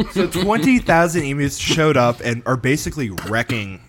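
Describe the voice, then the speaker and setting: A man's voice: on the high side, very animated, normal speed, a bit bright, slight background noise. Tired rambling male podcast host. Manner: rambling storyteller, laughs often, stumbles on names. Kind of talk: casual chat.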